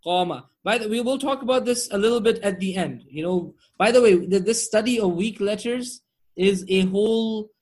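A man's voice: high-pitched, moderate pace, darkish tone. A man teaching Arabic grammar online, drilling word forms and checking in with his students often.

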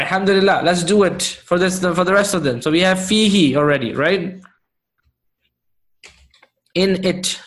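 A man teaching Arabic grammar to a live class, patient, often checking whether students follow. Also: high-pitched.

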